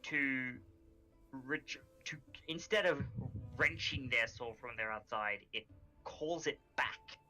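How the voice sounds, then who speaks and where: Slow, bright-voiced man role-playing. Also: mid-range voice, faint music behind, low-quality recording. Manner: slow, deliberate explaining with stumbling restarts. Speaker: tabletop game player. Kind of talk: in-character tabletop role-play.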